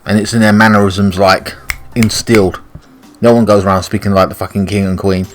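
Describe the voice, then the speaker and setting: A man's voice: lowish voice, steady tone, brisk, soft background music. A British man casually commenting on a game playthrough, blunt and chatty, swearing freely. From Britain. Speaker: gaming channel host.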